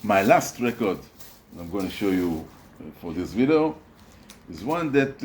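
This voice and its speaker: A man showing records from his collection in a casual video, halting often with fillers and restarts. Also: on the low side, big pitch swings, darkish tone, slight background noise. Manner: hesitant, many fillers and restarts. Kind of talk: casual show-and-tell video.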